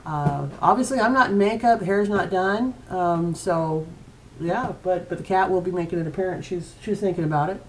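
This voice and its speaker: A woman's voice: lowish voice, moderate pace, a little hiss or hum. A woman author chatting casually at home to viewers of her weekly video blog, with many hesitant fillers. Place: at home with her cat nearby.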